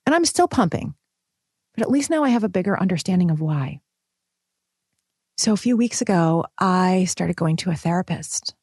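A woman's voice: fairly low pitch, animated, moderate pace, long pauses, a little mellow, husky, no echo, clean studio sound. A young woman, a new mother, speaking candidly and emotionally in a personal vlog.

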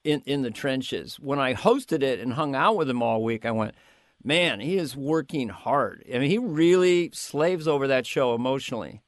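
A man, a guest comedian in a casual interview, telling lively anecdotes and slipping into quick character voices. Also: mid-range voice, dry recording, clean studio sound.

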